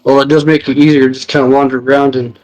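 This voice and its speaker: A man's voice: medium pitch, quick pace, soft background music, rough recording. A man from New Mexico with a Southwestern US accent, chatting loosely over voice chat and laughing easily. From New Mexico, United States. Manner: relaxed, rambling, laughs easily. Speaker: guest on voice chat. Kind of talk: casual chat on voice call.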